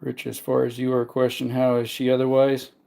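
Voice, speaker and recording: Male livestream host, mid-pitched, low-key mumbling banter with chat. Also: monotone, fairly quick, vocal fry, warm tone. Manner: mumbling, joking asides to chat. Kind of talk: casual livestream chat while reloading ammunition.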